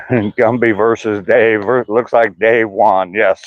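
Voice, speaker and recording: A man's voice: fairly low pitch, steady tone, takes it slowly, dry recording, muffled recording. An older man chatting casually with live chat viewers by name on an outdoor walk, mentioning his sore hip. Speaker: vlogger reading live chat.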